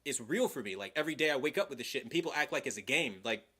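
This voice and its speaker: A man's voice: medium pitch, expressive, rapid-fire, sharp tone, husky. A young man hosting a livestream, talking in a heated, profane, rambling way with many fillers. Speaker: livestream host. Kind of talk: casual livestream chat.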